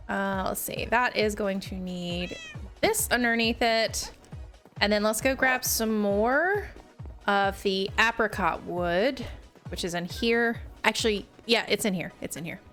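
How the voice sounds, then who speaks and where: A woman's voice: a little high, fairly bright tone. A young woman streaming a building game live, chatting casually to her viewers and laughing often at her own mishaps. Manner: giggly, self-mocking, laughs often. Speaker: Minecraft streamer. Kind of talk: casual live gameplay chat.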